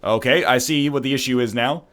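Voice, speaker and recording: A man's voice: medium pitch, brisk, fairly bright tone. A Canadian man giving rambling, sarcastic commentary while playing a game. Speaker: let's play streamer. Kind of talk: casual gaming commentary.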